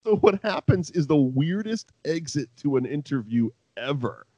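A man's voice: on the high side, big pitch swings, normal speed, mellow, dry recording. A man co-hosting a podcast, chatting casually about old wrestling and rambling with profanity and laughing asides. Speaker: podcast co-host. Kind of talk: casual wrestling recap chat. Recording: dull lo-fi dry sound.

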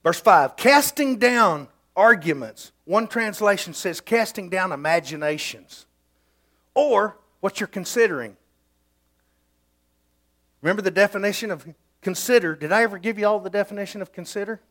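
A man's voice: high voice, brisk, a bit bright. A middle-aged man preaching a sermon in a folksy, emphatic storytelling way.

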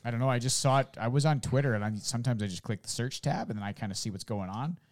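A man co-hosting a casual podcast chat, telling rambling stories full of swearing and loud re-enacted outbursts. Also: mid-range voice, fast talker. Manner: swears constantly, loud storytelling with shouted re-enactments. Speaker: podcast co-host.

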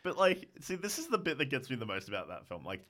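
A young man co-hosts a podcast, chatting casually about a film and filling his talk with "like" and "yeah". His pitch jumps up and down with a lot of life. His voice sits in a middle register. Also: quick pace. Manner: lively, many fillers like "like" and "yeah". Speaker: podcast co-host. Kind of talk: casual film review chat.

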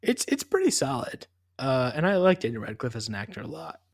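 A man with an average-pitched voice co-hosts a casual podcast. He talks thoughtfully and a bit hesitantly, with self-deprecating humour. The sound is dry and close, with no room echo. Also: very animated, fairly quick, creaky. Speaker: podcast co-host. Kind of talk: casual chat.

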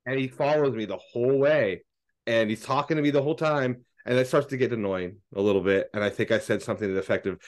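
A man co-hosting a podcast, chatting casually and telling stories, swearing freely and loudly acting out quoted lines. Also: fairly low pitch, quick pace. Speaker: podcast co-host. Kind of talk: casual chat, storytelling.

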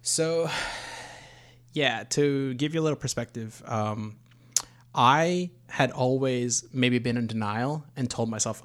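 A man in his early thirties talks in a loose, rambling way, retelling his own story with frank asides and the odd curse. His voice sits at an ordinary middle pitch, and the talk is relaxed and conversational. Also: slow. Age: 30s. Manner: rambling, candid storyteller with frequent swearing. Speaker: podcast host, expecting first child. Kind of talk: casual storytelling chat.

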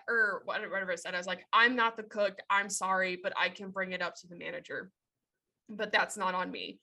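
Woman, 30s, bright voice, animated casual storyteller who swears. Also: medium pitch, a little fast. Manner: animated, swears freely, laughs while telling. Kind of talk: casual chat.

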